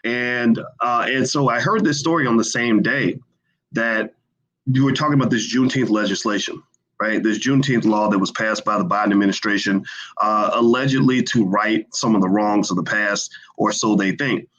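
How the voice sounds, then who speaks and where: A man's voice: fairly low pitch, moderate pace, a bit bright, muffled recording. A man hosting a casual livestream, talking in a loose conversational way with many fillers and restarts. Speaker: livestream host. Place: indoors, hotel.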